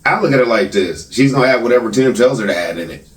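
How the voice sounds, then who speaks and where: A man's voice: mid-range voice, animated, fast. A man hosting a casual talk show, greeting viewers by name as comments are read and reacting with easygoing laughter. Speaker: host. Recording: echoey room, mic at a distance.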